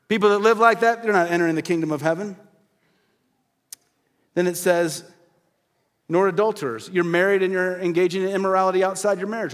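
A pastor with a high voice preaches a sermon earnestly and directly. He poses rhetorical questions and slows down to quietly stress key phrases.

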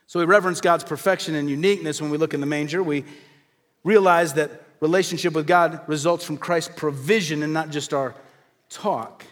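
Man, pastor, sermon, high-pitched, earnest, direct, rhetorical questions. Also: fairly even intonation, brisk.

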